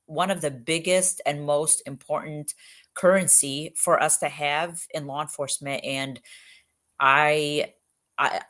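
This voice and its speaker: A woman police officer from Egypt speaks in an unusually low voice. She talks earnestly and emphatically, breaking into fast bursts and leaning on plenty of fillers as she tells her stories. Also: a bit bright. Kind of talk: candid interview storytelling.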